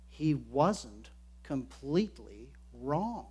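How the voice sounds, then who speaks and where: A man's voice: fairly high pitch, slow. A man preaching a sermon in an earnest way, slipping into quoted voices as he explains the passage. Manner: earnest, acts out quoted lines. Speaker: pastor.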